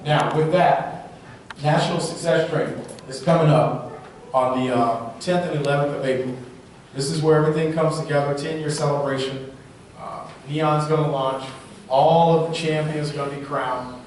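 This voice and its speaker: A man giving an energetic motivational talk at a live sales rally, telling stories and often asking the crowd "right?". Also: a little high, moderate pace, a little hiss or hum. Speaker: motivational speaker. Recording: echoey hall, from far off.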